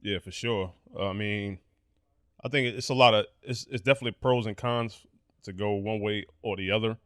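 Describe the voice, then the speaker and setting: A man's voice: lowish voice, steady tone, normal speed, fairly bright tone, no echo, studio quality. A man co-hosting a casual podcast chat, talking in a slangy, blunt way and swearing freely. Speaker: podcast co-host.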